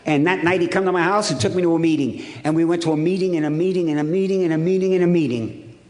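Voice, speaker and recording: A man's voice: on the high side, fast, darkish tone. A man from Ohio telling his recovery story to a hall audience, punchy and wry, with lots of repetition. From Ohio, USA. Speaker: recovery meeting speaker. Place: hotel conference hall.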